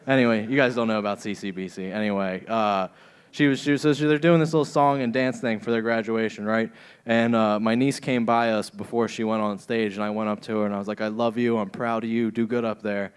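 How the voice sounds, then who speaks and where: A man's voice: lowish voice, fairly even intonation, a little fast, clean tone. A man doing a stand-up comedy set in a club, crude and rambling, often laughing at his own jokes.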